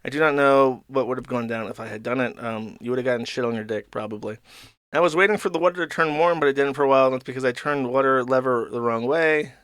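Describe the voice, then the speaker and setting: A man's voice: mid-range voice, fast, fairly bright tone, clean tone, no room sound, studio quality. A man hosting a live stream, reading out messages and cutting in with crude, sarcastic asides. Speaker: streamer host.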